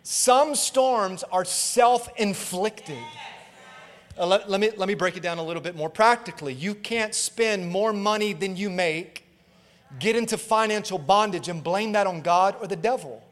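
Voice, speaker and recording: A male pastor preaching in a church auditorium, his high voice carrying a long reverb tail through the hall. He talks emphatically, calls out to the congregation for agreement, and acts out quoted voices in his stories. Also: a little slow, a bit bright. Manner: emphatic preaching with call-and-response asides. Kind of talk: sermon.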